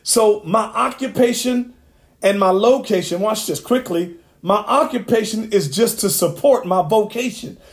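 A man's voice: sits high, unhurried. A man preaching a sermon, emphatic and repetitive, with asides to the congregation.

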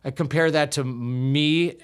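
A man's voice: on the high side, steady tone, a little slow, clear, resonant tone. A man in his fifties, an improv comedian telling a self-deprecating story in casual chat, with frequent restarts. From United States. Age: 50s. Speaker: podcast guest, improv comedian.

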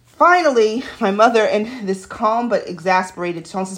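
A woman from New York City hosts a podcast alone, chatting through personal stories. She digresses often and talks at an ordinary pitch, recorded in a home studio. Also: animated, moderate pace. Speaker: podcast host. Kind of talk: casual solo monologue.

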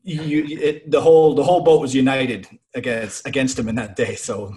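A young man telling profane, animated stories from his naval service in casual chat. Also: medium pitch, normal speed.

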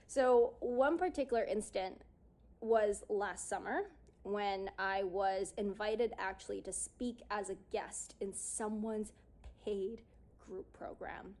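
A woman speaks straight to her audience in a loose, chatty way, full of "like" and little asides. She acts out the lines she and other people said back then. Her voice sits at an ordinary middle pitch. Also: takes it slowly, darkish tone. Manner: casual, lots of "like", acts out her own past lines. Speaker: speaker on confidence and yoga. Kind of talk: personal storytelling talk.

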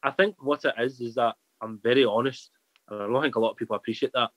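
Fast-talking candid young guest, rambling. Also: male voice, mid-range voice, a bit bright, dry recording, poor audio. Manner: rambling, candid, restarts a lot. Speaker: podcast guest. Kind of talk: casual chat.

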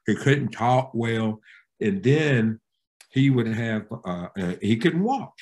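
Emphatic preacherly man, lively pitch. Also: takes it slowly. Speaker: pastor and interview guest. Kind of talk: conversational interview answer.

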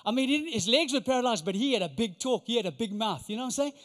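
Male preacher, lively storytelling sermon, high pitch, long hall reverb. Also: rapid-fire. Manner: animated, conversational, acts out voices. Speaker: pastor.

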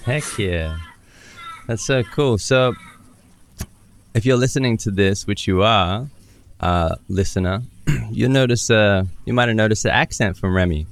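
An Australian man hosts a podcast, chatting casually in an upbeat way during an interview and often joking at his own expense. His voice is fairly low and unhurried, with frequent pauses.

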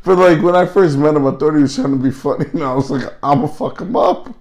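A man's voice: on the high side, fast talker, darkish tone. A man co-hosting a casual podcast, telling laid-back stories with laughter and swearing. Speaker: podcast co-host. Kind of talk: casual chat.

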